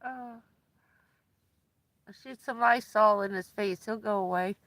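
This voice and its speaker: A woman's voice: medium pitch, measured pace, a bit bright, dry recording. A woman livestreaming from inside her van, chatting casually with viewers and laughing often as she tells stories.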